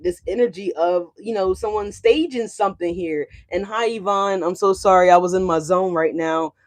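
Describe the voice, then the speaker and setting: Ranting to a livestream audience, a tarot reader talks bluntly and profanely at a middle pitch. The volume rises and falls as the story heats up and cools off. The reader keeps checking whether listeners follow, often saying "you know what I'm saying," in casual chat.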